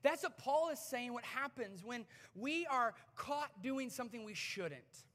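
A man in his thirties preaching to a congregation from a stage microphone, talking in a conversational, animated way with touches of humor. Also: very high voice, measured pace. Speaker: pastor. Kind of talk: sermon. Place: church sanctuary before a congregation. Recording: reverberant church hall.

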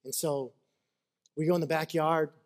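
A man's voice: fairly high pitch, steady tone, normal speed. A man preaching a sermon as a pastor, earnest and conversational, mixing scripture with personal stories.

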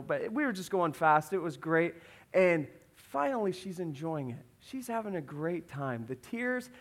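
A man's voice: sits high, fairly bright tone. A man in his thirties preaching a sermon, telling a family story and acting out the voices in it. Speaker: pastor.

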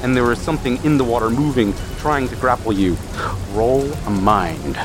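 A man running a tabletop role-playing game as game master, narrating in a halting way with repeated words. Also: mid-range voice, loud music behind the voice.

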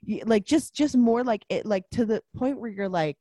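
A woman's voice: mid-range voice, a little fast, few pauses, mellow, no echo. A woman co-hosting a podcast, chatting casually about a movie, rambling with lots of fillers and restarts. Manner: rambling, many fillers and restarts, laughs often. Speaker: podcast co-host.

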